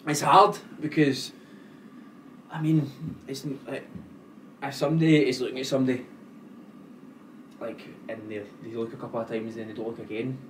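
A Scottish man co-hosting a podcast, telling stories in animated, sweary casual chat and quoting himself a lot. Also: mid-range voice, moderate pace, pauses often. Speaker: podcast co-host. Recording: distant mic with background noise.

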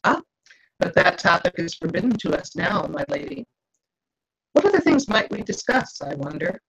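A woman's voice: on the low side, big pitch swings, normal speed, creaky, slightly rough, full character voice. A woman reading as a sly wheedling male spirit. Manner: archaic, coaxing, theatrical. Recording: dull lo-fi video call audio.

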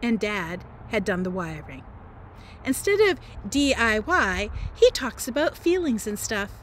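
A teacher reading a novel aloud in a dramatic, playful voice, with chatty asides. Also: female voice, medium pitch, big pitch swings, measured pace, slight background noise. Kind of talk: expressive read-aloud narration.

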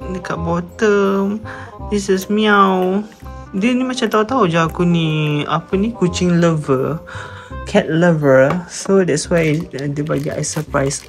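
A woman's voice: on the low side, moderate pace, faint music behind. A woman chatting casually as she unboxes toys, reading the box text aloud and switching languages mid-sentence. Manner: chatty, switching between Malay and English. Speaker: unboxing vlogger.

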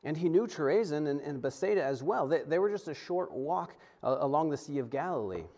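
A man's voice: a little high, brisk. A man, a pastor, preaching a sermon in a conversational way, often stumbling and restarting and acting out quotes. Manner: conversational, animated, frequent restarts and acted-out quotes.

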